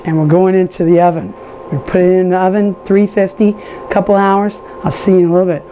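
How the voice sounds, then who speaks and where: A woman's voice: on the low side, level tone, fairly quick, highs cut off, a little hiss or hum. Chatty woman hosting a cooking show. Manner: chatty and enthusiastic, talks to viewers. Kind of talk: casual cooking demonstration.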